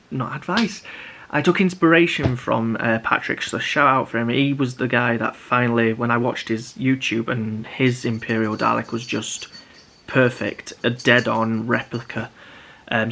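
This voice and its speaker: A man's voice: medium pitch, creaky, pushed and bright. A young man chatting casually to camera about building props, rambling with many restarts. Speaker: prop maker vlogger.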